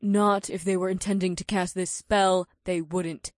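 A woman's voice: fairly low pitch, fairly even intonation, unhurried, no room sound, natural voice. A woman reading a stubborn young witch in an audiobook, proud and defiant, brushing off every doubt. The voice sits mid-range and close, recorded dry with no room. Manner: defiant, insistent.

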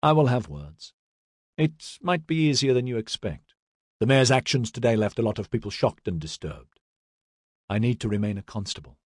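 A man voicing a calm, composed male constable who reasons things through. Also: medium pitch, normal speed, no echo, clean studio sound, lightly acted. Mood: measured.

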